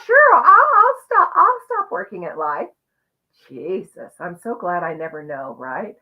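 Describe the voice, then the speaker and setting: A woman hosting a live online conversation, sharing a personal journey in an earnest, reflective, expressive way over a video call. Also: lowish voice. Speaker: host. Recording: muffled lo-fi audio.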